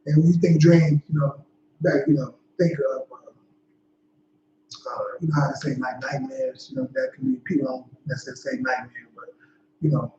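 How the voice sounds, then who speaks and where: A man's voice: medium pitch, steady tone, moderate pace, warm tone, a little hiss or hum. A man leading a Bible study in a laid-back, slangy way, often saying "you know what I'm saying.". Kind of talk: casual scripture teaching. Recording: dull echoey livestream audio.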